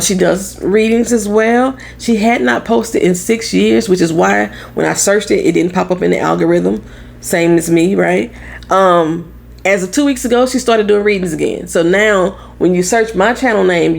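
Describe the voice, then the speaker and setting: A young adult woman from St. Louis, now living in Florida, with a Midwestern accent gone a bit country, talking loud and blunt in a casual tarot vlog, swearing freely. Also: mid-range voice, moderate pace, gravelly. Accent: Southern-tinged Midwestern American. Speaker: tarot reader.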